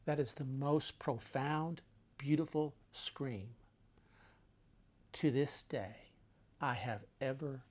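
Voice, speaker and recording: An older man telling a travel story with dramatic, animated delivery that swings between loud and hushed. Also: medium pitch, slow, pauses often.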